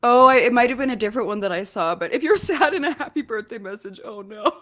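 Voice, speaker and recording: Higher-voiced woman giving dry reactions. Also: animated, fairly bright tone. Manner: quick dry reactions, laughs often. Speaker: podcast co-host. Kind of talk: casual chat.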